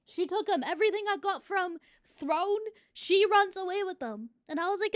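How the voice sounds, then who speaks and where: A woman's voice: very high voice, expressive, normal speed, hardly any pauses, no room sound, studio quality. A young adult woman streamer chatting casually to her viewers, swearing freely. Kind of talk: casual live-stream chat.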